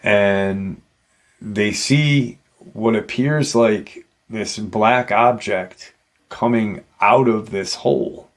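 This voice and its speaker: A man with a low, gravelly voice retells a paranormal encounter at an unhurried pace. He rambles, often breaking off with "you know" asides, in a casual storytelling manner. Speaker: paranormal storytelling channel host.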